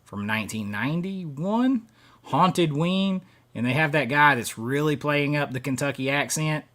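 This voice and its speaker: A man's voice: a little high, lively intonation, a little slow, fairly bright tone. A middle-aged man hosting a live stream, chatting casually and rambling as he reads viewer comments, often chuckling between thoughts.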